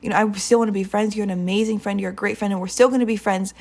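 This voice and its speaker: A woman's voice: mid-range voice, steady tone, very fast, darkish tone. A woman giving an informal, earnest sermon, casual and rambling, with many fillers and restarts. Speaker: Bible teacher.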